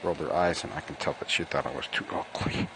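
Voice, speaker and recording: A man delivering a mournful, halting comedy monologue as a radio host. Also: a bass voice, fairly even intonation, background noise.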